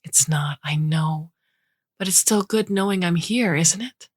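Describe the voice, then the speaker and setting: A tender robot mother, soft and half-whispered, talking gently to her children, as a woman reads her in an audiobook. Her voice sits low and close, with a dry, intimate sound. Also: a little slow, husky, dry recording.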